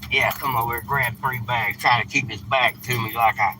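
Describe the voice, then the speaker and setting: A man's voice: medium pitch, fairly even intonation, normal speed, pushed and bright, low-quality recording. A man hosting a casual live stream from his truck, talking bluntly and scolding at times. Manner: blunt, scolding, plain-spoken. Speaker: live-stream host handing out food. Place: inside a truck, by the street. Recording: traffic noise from outside. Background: car and street noise.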